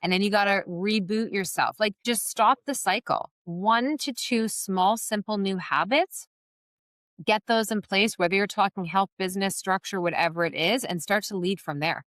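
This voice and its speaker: A woman's voice: mid-range voice, moderate pace, fairly bright tone, dry recording, studio quality. A woman guest on a podcast, talking earnestly and encouragingly in a casual conversational way, often saying "like" and "you know". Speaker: podcast guest, wellness business founder. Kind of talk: conversational interview.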